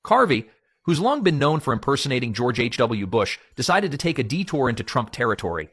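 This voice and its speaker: A man with a husky voice reads scripted narration in a dramatic, hyped teaser style. The sound is dry and close. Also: mid-range voice, sing-song, fairly quick, fairly bright tone, no room sound.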